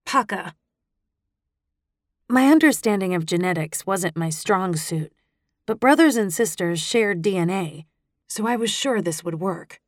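A woman narrating a first-person audiobook in an intimate, expressive reading style. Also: mid-range voice, moderate pace, no room sound, studio quality.

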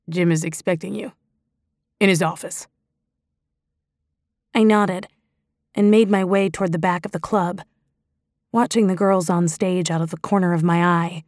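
A woman narrating a first-person novel in a steady, introspective storytelling voice. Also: lowish voice, dry recording, clean studio sound. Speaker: audiobook narrator.

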